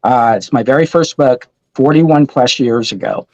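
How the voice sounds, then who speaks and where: A man in his fifties, a comic store owner guest, telling a story in an animated, excited way over a call. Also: medium pitch, moderate pace, dry recording, lo-fi sound. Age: 50s. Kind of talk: casual storytelling.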